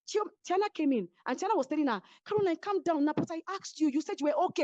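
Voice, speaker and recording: Fast, lively Nigerian woman, high voice. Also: no room sound. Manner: animated, acts out quoted voices, code-switching. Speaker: reality show cast member. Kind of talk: heated casual retelling. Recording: dull, dry lo-fi audio.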